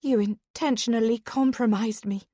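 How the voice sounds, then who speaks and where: A woman reading a stubborn, defiant young lady whose lines rise sharp and heated in an audiobook. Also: a little high, steady tone, normal speed, no echo, studio quality, voice pushed up, natural voice. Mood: indignant.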